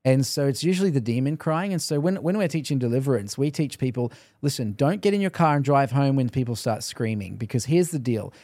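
A man's voice: mid-range voice, a little fast, hardly any pauses, dry recording. A man with an Australian accent, interviewing a guest in casual conversation and acting out quotes as he tells stories. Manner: animated storyteller, acts out quotes.

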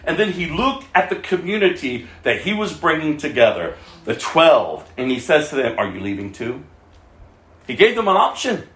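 This is a high-voiced man preaching with great passion, very animated, at normal speed and with few pauses. Loud, emphatic lines give way to quiet, hushed asides, all within a roomy, echoing space.

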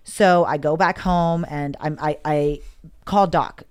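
A woman with a low, smooth and resonant voice tells a personal story in a relaxed conversation. She talks with open emotion and often acts out what she and others said. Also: slow pace. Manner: emotional, candid, quotes herself and others.

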